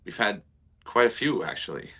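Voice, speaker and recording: A man's voice: fairly low pitch, big pitch swings, moderate pace, creaky, pushed and bright, husky. A man hosting a casual online show, reading out viewer comments and asking the guest questions over a video call. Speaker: show host. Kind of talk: casual chat.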